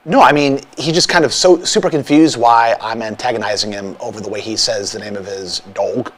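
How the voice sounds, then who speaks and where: A man's voice: on the low side, fairly quick. A man from the Midwest co-hosting a podcast, teasing and telling stories in casual banter. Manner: teasing storyteller, acts out other people's voices. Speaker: podcast co-host.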